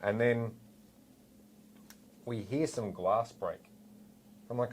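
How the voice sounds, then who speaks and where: A man in his forties with an Australian accent, a former police officer telling a story in a relaxed, animated way with lots of asides. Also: lowish voice, slow pace, pauses often. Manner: animated, rambling with fillers and asides. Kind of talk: casual storytelling anecdote.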